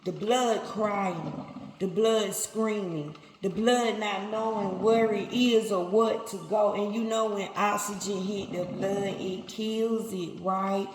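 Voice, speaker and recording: A woman's voice: medium pitch, steady tone, slow, a little mellow. A woman preacher delivering a sermon, emphatic and repetitive, talking straight to her listeners. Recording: echoey hall, faint ambience.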